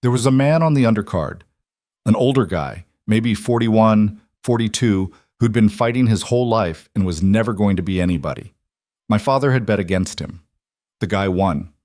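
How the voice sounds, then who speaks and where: A man's voice: lowish voice, lively intonation, no echo, studio quality, natural voice. Man voicing a weary, guarded mafia boss. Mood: reflective. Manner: quiet, measured, reflective.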